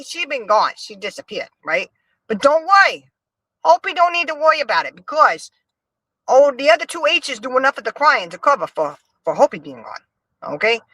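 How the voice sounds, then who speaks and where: A woman hosts a casual gossip livestream, dishing commentary to her chat with a sassy, animated delivery. Her voice is bright and forceful, and it rises and falls all over the place. The sound is close and dry, with no room around it. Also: on the high side, no echo. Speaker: livestream host.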